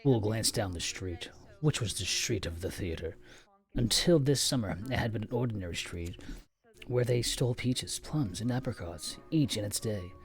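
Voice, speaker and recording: A man's voice: on the low side, lively intonation, normal speed. Man reading a novel on stream. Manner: stumbles over words and breaks off with offhand asides. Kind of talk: live-stream read-aloud.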